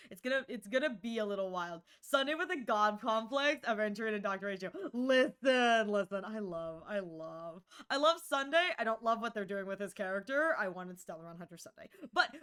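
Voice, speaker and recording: A woman's voice: on the high side, fairly bright tone, clean tone. A young woman streamer chatting casually with viewers, rambling and giggly, often mocking herself.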